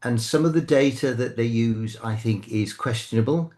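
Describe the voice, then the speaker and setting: An older man with a British English accent from England, chatting as a guest commentator, talking haltingly with many restarts and self-corrections. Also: medium pitch, darkish tone. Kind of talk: casual chat.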